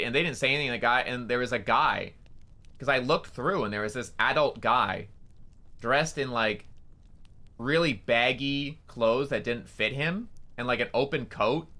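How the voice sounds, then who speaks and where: A man's voice: mid-range voice, sharp tone. A young man, a streamer, telling a story casually, rambling with lots of fillers and swearing.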